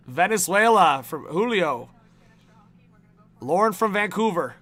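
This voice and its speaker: A man's voice: sits high, expressive, measured pace, pauses often, fairly bright tone. A man hosting a live reaction stream, cheerfully rattling off viewer names and locations and laughing often.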